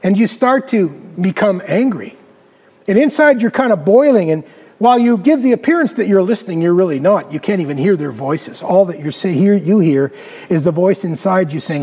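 A man preaching a storytelling sermon, dramatic, dropping his voice low for emphasis. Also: animated, normal speed, breathy edge, long reverb tail. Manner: dramatic, varies pitch and loudness, drops low for emphasis. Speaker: pastor.

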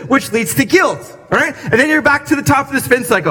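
A man's voice: extremely high pitch, expressive, fast talker, few pauses, pushed and bright, in a large hall. A man preaching a sermon in a church, speaking conversationally and acting out little scenes with quoted voices for humor. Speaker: pastor. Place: church sanctuary.

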